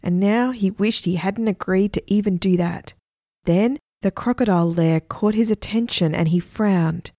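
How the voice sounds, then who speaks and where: Woman reading a kids story, expressive, super dry close sound. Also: medium pitch, normal speed, dry recording. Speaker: narrator.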